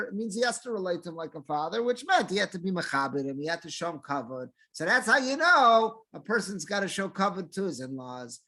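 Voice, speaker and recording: A man's voice: sits high, expressive, a little fast, few pauses, pushed and bright. A man, a rabbi, teaching a Torah class, reading Hebrew verses and explaining them line by line in a conversational way.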